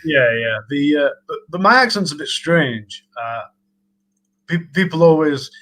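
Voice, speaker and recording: A chatty man with a thick Sheffield Yorkshire accent, rambling through a casual livestream conversation. His voice sits a touch higher than most men's, and he laughs often as he wanders from one thought to the next. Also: animated, measured pace, sharp tone, poor audio. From Sheffield, England. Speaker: livestream host. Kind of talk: casual chat.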